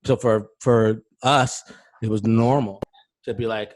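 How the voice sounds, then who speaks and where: A man's voice: lowish voice, fairly even intonation, measured pace, darkish tone. An American man hosting a casual interview, telling rambling stories and acting out the voices of people he quotes. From United States. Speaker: talk show host.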